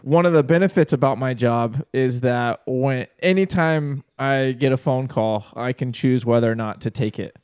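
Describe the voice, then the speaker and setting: A man's voice: medium pitch, normal speed, hardly any pauses, darkish tone, clear, resonant tone, no echo, studio quality. A young man co-hosting a casual comedic podcast, telling stories, laughing often and saying "dude" a lot. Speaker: podcast co-host.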